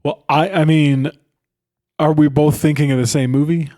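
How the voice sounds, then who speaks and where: A man's voice: on the high side, fairly even intonation, moderate pace, warm tone. Laid-back man co-hosting a film podcast. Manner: laid-back, loose, says dude a lot. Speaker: podcast co-host. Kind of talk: casual film chat.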